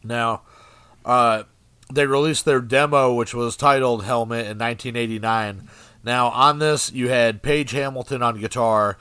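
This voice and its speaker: A man's voice: medium pitch, fairly even intonation, a little slow, pushed and bright, smooth, no echo. A man co-hosting a podcast, talking casually and profanely with lots of fillers. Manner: laid-back, profane, filler-heavy. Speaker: podcast co-host. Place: studio.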